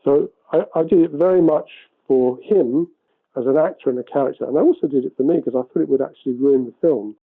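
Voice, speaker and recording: A man's voice: medium pitch, fast talker, breathy edge. Man recalling on tinny archive audio. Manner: rambling, self-correcting, animated. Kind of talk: archival interview recollection.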